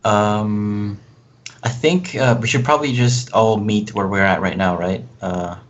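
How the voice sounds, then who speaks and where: A man playing a tabletop game who explains rules at length and speaks haltingly. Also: on the low side, fairly even intonation, a little hiss or hum. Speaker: player. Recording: dull lo-fi voice chat audio.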